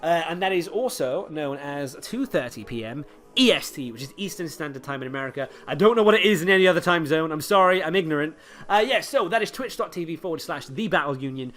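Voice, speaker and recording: A young man co-hosting in a casual, excitable, jokey chat. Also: on the high side, fast. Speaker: co-host of a game league channel.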